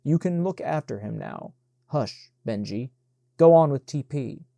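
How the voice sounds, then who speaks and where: A man reading the part of a firm elderly woman housekeeper who hushes the children, in a mellow, dry voice. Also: mid-range voice, lively intonation, a little slow, vocal fry, no room sound, lo-fi sound. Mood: firm, hushing.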